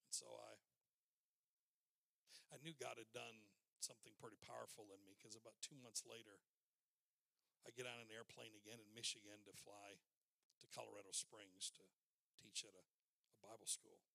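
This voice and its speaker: Older male preacher, gravelly and bright tone, dry close sound, earnest storytelling sermon. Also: lowish voice, moderate pace, long pauses, dry recording.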